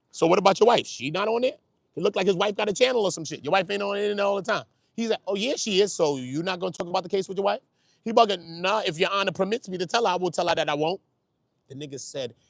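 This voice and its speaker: Brooklyn male commentator, somewhat high voice, dry close recording, emotional street-slang monologue. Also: vocal fry, no room sound. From Brooklyn, New York. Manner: swings from low, quiet talk to loud, high emotional outbursts; slangy and emphatic, keeps asking if you hear him. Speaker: YouTube commentator. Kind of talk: emotional casual monologue to camera.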